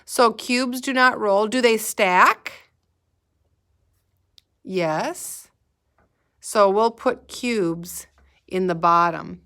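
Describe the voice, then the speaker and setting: A woman's voice: medium pitch, bright, forceful tone. A woman teaching a kindergarten math lesson, speaking patiently and asking the children to repeat words after her. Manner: slow, patient, sing-song prompting for children to repeat. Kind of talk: recorded remote lesson.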